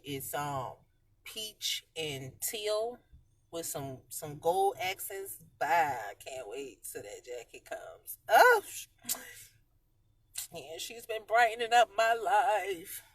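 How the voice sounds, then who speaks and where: A woman chatting casually on a live stream from her parked car, slangy and swinging between loud and quiet. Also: lowish voice. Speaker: vlogger talking live to viewers.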